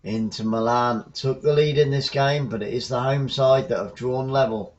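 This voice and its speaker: A man from the south coast of England with a Southern English accent, giving chatty live football commentary as a fan, shouting on goals. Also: mid-range voice, fairly even intonation, moderate pace, highs cut off.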